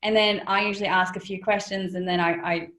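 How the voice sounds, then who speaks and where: A woman's voice: mid-range voice, level tone, fast talker, a bit bright, reverberant. A woman guest on an interview, talking casually and impulsively, laughing often. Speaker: business planner guest.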